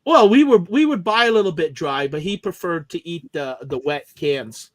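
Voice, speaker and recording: A man's voice: fairly high pitch, lively intonation, normal speed. A man telling a long, rambling story in casual chat, with many restarts and trailing asides.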